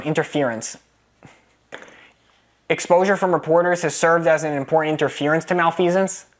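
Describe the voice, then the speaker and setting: A man tutoring through a test question, casual and rambling, with many restarts and fillers. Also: a little high.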